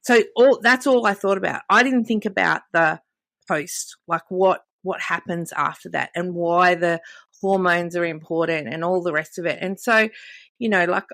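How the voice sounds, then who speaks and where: A woman's voice: lowish voice, moderate pace, creaky, a bit bright, dry recording. A woman in her fifties, chatting candidly on a podcast and telling stories full of quoted dialogue. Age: 50s. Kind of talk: casual podcast conversation.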